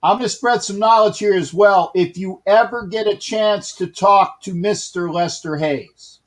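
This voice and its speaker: A man's voice: high voice, a little slow. A man co-hosting a casual sports podcast, rambling through stats and stories with lots of restarts. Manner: rambling, with many restarts and fillers. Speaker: podcast co-host.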